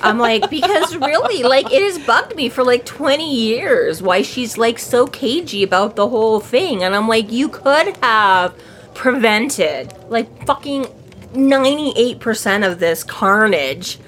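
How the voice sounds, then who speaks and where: Brief: woman co-host, casual book talk, lively and expressive, slight background hiss. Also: on the high side. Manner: animated, acts out characters in quick voices, swears casually. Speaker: podcast co-host.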